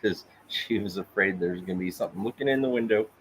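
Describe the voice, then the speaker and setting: A man from Oklahoma co-hosting a casual live podcast, joking in a dry, deadpan way. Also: sits low, fast talker, a little hiss or hum, poor audio. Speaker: podcast co-host.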